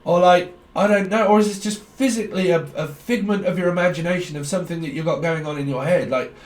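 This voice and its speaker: A man's voice: sits high, fast talker. Rambling man reading tarot in an echoey room. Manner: stream-of-consciousness, blunt, swears freely. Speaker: tarot reader. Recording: echoey room, distant mic.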